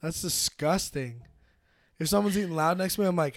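A man co-hosting a podcast in casual chat, crude and animated, swearing often. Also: on the high side, fairly quick, slight background noise. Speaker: podcast co-host.

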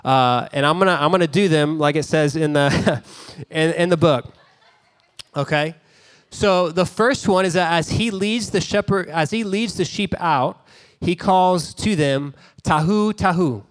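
In a somewhat high male voice with a clean tone, a pastor preaches unhurriedly and conversationally. He tells a story, breaking off now and then for little asides.

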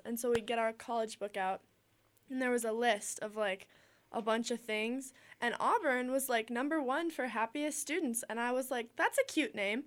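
A woman's voice: on the high side, normal speed, background noise. A young woman from Minnesota, co-hosting a podcast and telling stories in casual chat, acting out the voices she quotes. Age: young adult. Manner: animated storyteller, acts out quoted voices. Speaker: podcast co-host.

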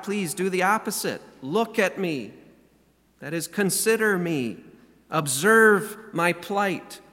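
A man's voice: high voice, pushed and bright, long reverb tail. A man preaching a sermon as pastor, earnest and emphatic, reading scripture aloud and stressing key words. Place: church sanctuary.

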